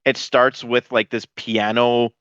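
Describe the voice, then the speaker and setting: A man's voice: medium pitch, level tone, takes it slowly, fairly bright tone, smooth, no room sound. Eager male podcast co-host, lo-fi mic. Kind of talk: casual chat. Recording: dull lo-fi mic sound.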